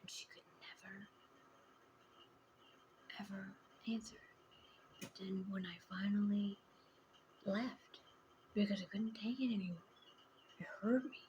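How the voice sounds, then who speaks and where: A middle-aged woman telling a personal story in a vlog, raw and emotional, halting and often hushed. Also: mid-range voice, steady tone, muffled recording, background noise. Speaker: vlogger.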